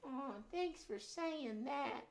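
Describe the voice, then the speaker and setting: Man puppeteer doing a timid, sweet young muskrat, hesitant, higher and softer than his own voice. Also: animated, vocal fry, heavily acted. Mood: grateful. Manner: slow, hesitant, soft-spoken.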